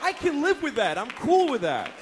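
A man's voice: very high voice, huge pitch swings, moderate pace, noisy background. A man doing a stand-up comedy set, telling profane, exasperated stories and acting out other people in mock voices. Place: comedy club stage before a laughing audience. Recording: live club recording with crowd laughter.

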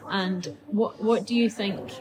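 A woman speaking as a dog behaviourist in a casual podcast chat, thoughtful and pausing with ums. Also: medium pitch, steady tone, rough recording. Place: busy coffee shop. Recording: crowd noise in a café. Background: café crowd chatter.

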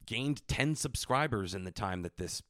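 Crude deadpan podcast co-host man. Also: lowish voice, moderate pace, no echo, studio quality. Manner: deadpan, crude jokes, puts on silly voices. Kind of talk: casual crude comedy chat.

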